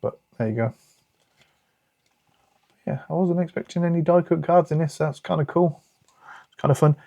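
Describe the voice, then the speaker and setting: British man, card-opening vlog, gravelly, dry close sound, self-deprecating asides. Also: a little high, normal speed, mellow, no room sound, dull audio. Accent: British English. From United Kingdom. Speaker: card collecting channel host. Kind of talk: casual card-opening commentary.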